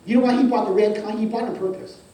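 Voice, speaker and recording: A man's voice: high voice, very fast, a little hiss or hum. A man preaching a sermon as pastor, telling a personal story with lots of repeated words and "okay?" checks. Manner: repeats words and stammers, asks okay often; lively storytelling with acted-out scenes. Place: church hall. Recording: echoey hall from far off with faint ambience.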